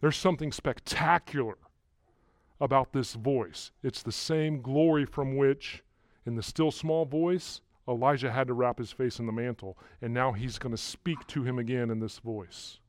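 A man preaching a sermon to a congregation, walking through verses and rising loudly on key words, often repeating himself. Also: mid-range voice, moderate pace, no room sound, clean studio sound. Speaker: pastor.

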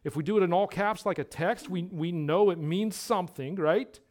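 A male pastor preaching a sermon, stressing his points by repeating words and swinging between hushed lines and loud ones. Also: high-pitched, normal speed.

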